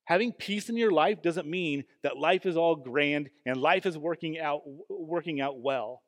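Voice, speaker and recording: A man's voice: a little high, a little slow. Male pastor, earnest emphatic sermon, fillers and restarts, long reverb of a church hall.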